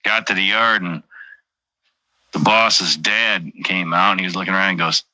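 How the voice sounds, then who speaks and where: A man's voice: sits low, unhurried, creaky, pushed and bright, no echo, poor audio. A truck driver chatting casually on a stream, rambling, swearing constantly and joking as he goes. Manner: profane, rambling, jokey. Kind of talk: casual livestream chat.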